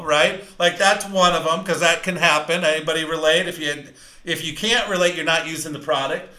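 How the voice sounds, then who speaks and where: Fast-talking, bright-voiced male sales trainer. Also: high voice, roomy sound, low-quality recording. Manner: fast-talking, energetic, emphatic. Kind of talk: live training talk.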